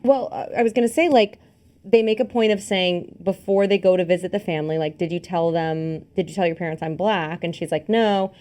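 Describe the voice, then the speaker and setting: A woman's voice: lowish voice, a little fast. A young woman co-hosting a podcast, chatting casually about a film and acting out lines she quotes. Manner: chatty, animated, acts out quotes. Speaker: podcast co-host.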